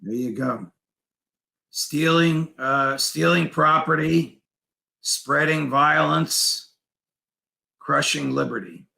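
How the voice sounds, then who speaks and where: A man talking as a guest in a political interview, deliberate and emphatic, lecturing on history. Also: fairly high pitch, vocal fry, pushed and bright, low-quality recording. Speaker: guest commentator.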